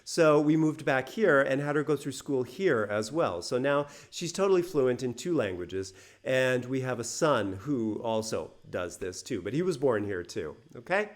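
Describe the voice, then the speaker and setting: A man's voice: medium pitch, expressive, moderate pace, hardly any pauses. A middle-aged man casually telling a personal story to English learners, chatty and laughing between phrases.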